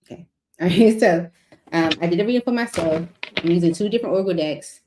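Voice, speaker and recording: Chatty low-voiced woman tarot reader. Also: fast, noisy background. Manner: chatty, rambling, filler-heavy. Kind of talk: casual tarot reading.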